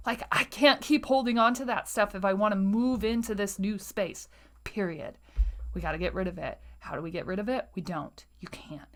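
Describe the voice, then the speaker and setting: Chatty woman podcast host, soft asides. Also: mid-range voice, moderate pace. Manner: chatty, tags lines with "right?" and "like"; often drops to a soft, near-whispered voice. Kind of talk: casual solo podcast talk.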